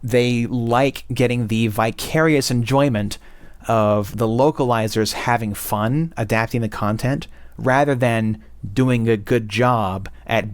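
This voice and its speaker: A man's voice: mid-range voice, no echo. A young man hosting a casual game review, blunt and profane, with many fillers. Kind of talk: casual opinionated monologue.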